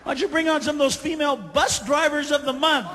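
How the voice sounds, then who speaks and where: A man's voice: very high-pitched, fast talker, background noise. A man doing a stand-up comedy routine, ranting profanely and breaking into sudden screams, recorded live on stage. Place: live club or theater stage with audience. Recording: live concert recording, hall reverb, faint crowd.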